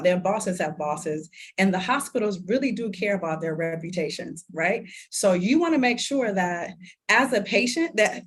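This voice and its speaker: Animated woman telling her story. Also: lowish voice. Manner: animated, laughs often, acts out quoted dialogue. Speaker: interview guest. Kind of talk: conversational interview storytelling.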